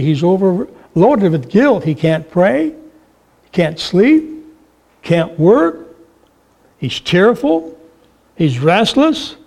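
High-voiced man preaching a sermon. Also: a little mellow. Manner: storytelling, acting out quoted voices.

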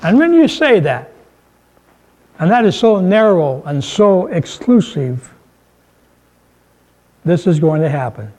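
A man delivers a sermon with a fairly high voice for a man. He talks to the congregation in a relaxed, conversational way, telling jokes and raising his pitch whenever he drives a point home. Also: slow pace, pauses often, rough recording. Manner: conversational preaching with humor, voice rising for emphasis. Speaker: pastor.

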